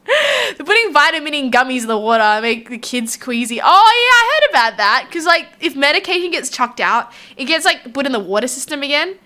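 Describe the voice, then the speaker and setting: An Australian woman chats casually with viewers on a live stream, wandering loosely between thoughts and laughing a lot. Her high, bright voice rises and falls with plenty of life, very animated and brisk.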